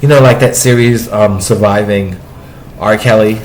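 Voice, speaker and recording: A man speaking in a personal, confessional vlog, in a halting way with restarts and trailing asides. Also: on the low side, steady tone, a little hiss or hum, poor audio. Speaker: vlogger.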